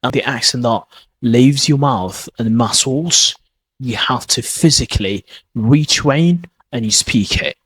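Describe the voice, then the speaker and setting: A man's voice: mid-range voice, unhurried, a bit bright, breathy edge. A man giving a podcast lesson on pronunciation, often restarting and checking in with "okay?". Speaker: pronunciation teacher.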